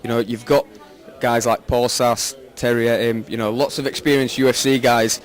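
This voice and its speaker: A man's voice: medium pitch, little pitch movement, moderate pace. A man interviewing a fighter, asking long, loose questions with many fillers.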